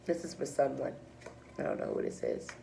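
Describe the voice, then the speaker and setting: A woman's voice: very deep voice, wildly swooping pitch, brisk, creaky, noisy background. A woman giving a casual tarot reading to camera, talking bluntly and cursing freely, often restarting her sentences. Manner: blunt and profane, frequent restarts. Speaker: tarot reader.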